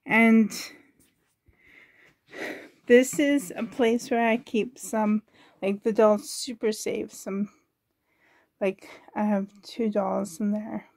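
A woman chatting casually in her home bedroom, soft-spoken and doting, often dropping into a whisper, filming on a handheld camera. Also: medium pitch, steady tone, slow, creaky, pauses often, dry recording. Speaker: doll collector vlogger. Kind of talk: casual show-and-tell chat.

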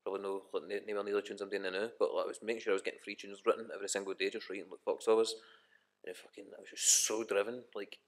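A man's voice: fairly low pitch, level tone, rapid-fire. A young Scottish man, a rapper guest, chatting casually on a podcast, swearing a lot and rambling with many restarts. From Scotland.

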